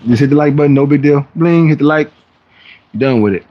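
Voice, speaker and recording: On his fitness livestream, this host talks loosely and chattily to viewers, using slang, rambling, starting over, and frequently mimicking others' voices. His slightly high voice is a little quick, and the audio has its highs cut off.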